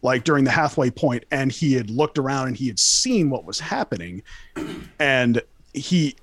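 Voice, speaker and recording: A man's voice: mid-range voice, lively intonation, moderate pace, fairly bright tone, breathy edge, no room sound. Rambling, profane storyteller man. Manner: rambling, profane, lots of fillers and restarts. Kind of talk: casual storytelling.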